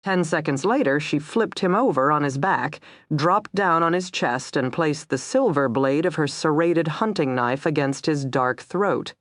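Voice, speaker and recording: A woman narrating a crime thriller audiobook in a measured, even storytelling manner. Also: deep voice, no echo, clean studio sound.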